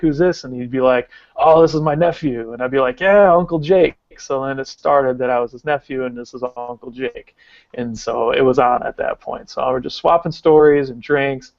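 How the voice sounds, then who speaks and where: A man in his thirties, co-hosting a podcast, telling a long story in a casual, excitable, rambling way with lots of "like.". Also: medium pitch, no echo, lo-fi sound. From Arkansas. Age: 30s. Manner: rambling, excitable, heavy use of "like". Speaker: podcast co-host.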